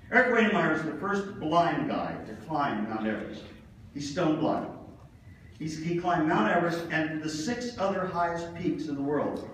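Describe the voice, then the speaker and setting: A man giving a motivational conference keynote, telling stories with humor and acting out the dialogue. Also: a little high. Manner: animated, humorous, acts out dialogue. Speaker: keynote speaker. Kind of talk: motivational conference speech with storytelling. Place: large conference hall. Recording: echoey hall, voice from far off, faint noise.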